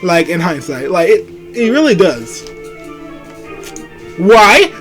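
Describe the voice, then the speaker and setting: A man's voice: high voice, very animated, takes it slowly, fairly bright tone, faint music behind, rough recording. A young man giving casual, slangy, incredulous commentary while playing a game. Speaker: game streamer. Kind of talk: casual let's play commentary.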